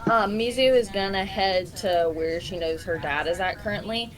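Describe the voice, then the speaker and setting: A woman playing a princess in a tabletop game, sweetly eager and bright, with rising lilts. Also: medium pitch, moderate pace, low-quality recording. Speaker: player.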